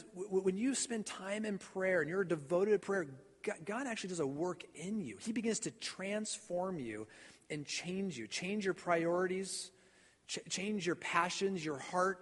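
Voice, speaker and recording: A man's voice: high voice, unhurried, husky. A man preaching a sermon as pastor, earnest, often repeating and stumbling over his words. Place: church sanctuary. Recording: long church reverb.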